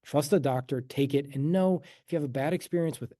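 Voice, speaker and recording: A man with a mellow, relaxed tone speaks to an online audience in a loose, conversational way. He circles back on himself and adds asides. The sound is close and dry, with no room around it. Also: fairly high pitch, a little fast, dry recording. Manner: loose and conversational, frequent restarts and asides, chuckles. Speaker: host and teacher of a letting-go method. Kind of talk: informal talk to an online audience.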